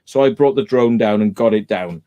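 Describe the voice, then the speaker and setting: A man's voice: fairly low pitch, a little fast, dark tone, highs cut off. A man hosting a live stream in casual chat, retelling a dispute emphatically and going back over the same points.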